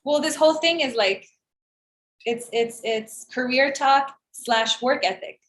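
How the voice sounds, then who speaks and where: Podcast co-host, woman in her 30s, high-ish voice, sarcastic storyteller, roomy echo. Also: a little slow. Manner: animated storytelling, acts out quoted voices, sarcastic. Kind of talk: casual chat. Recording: echoey room.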